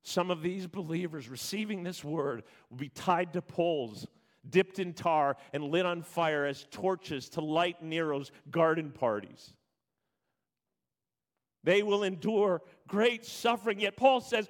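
Impassioned preacher, swings loud and soft. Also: male voice, a little high. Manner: builds to loud emphatic peaks, then drops quiet and slow; earnest, preacherly, reads scripture aloud with rising intensity. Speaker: pastor. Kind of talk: sermon.

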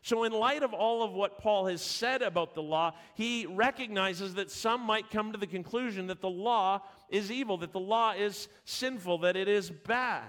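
A man's voice: high voice, moderate pace, few pauses, fairly bright tone. A man preaching a sermon, emphatic at points and often restarting his words. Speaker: pastor.

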